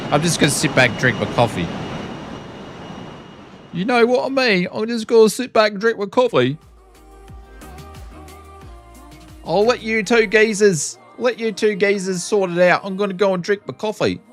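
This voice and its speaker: An Australian man putting on a joking British accent to play a cheeky, unhurried bloke. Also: animated, fairly bright tone, breathy edge, faint music behind. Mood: laid-back. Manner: exaggerated mock accent, high and bouncy.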